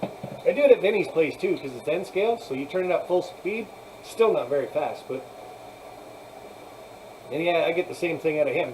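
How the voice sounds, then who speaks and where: A man hosts a casual live chat, rambling, laughing often and thanking viewers as he goes. His voice is on the high side, animated and a little mellow, with a moderate pace and long pauses. The recording is rough, with a little hiss or hum.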